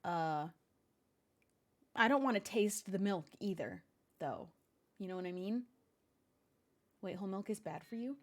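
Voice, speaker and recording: A woman's voice: mid-range voice, animated, measured pace, long pauses. A young adult woman streaming live, chatting casually and rambling, laughing often between complaints.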